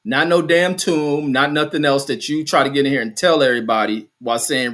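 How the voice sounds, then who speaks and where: A man's voice: mid-range voice, a little fast, few pauses, a bit bright. A man hosting a livestream, arguing his point bluntly and with a lot of profanity over a voice call. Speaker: host. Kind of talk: heated casual debate.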